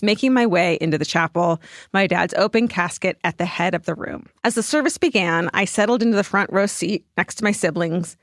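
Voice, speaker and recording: A woman co-hosting a podcast, reading a listener's story aloud in a lively, dramatic way. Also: medium pitch, no room sound, clean studio sound. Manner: animated storytelling with dramatic pauses. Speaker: podcast co-host.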